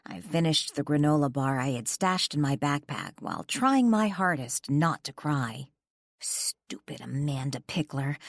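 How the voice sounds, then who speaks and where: A young woman narrating a first-person audiobook in an expressive, emotional way. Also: sits low, no room sound, clean studio sound.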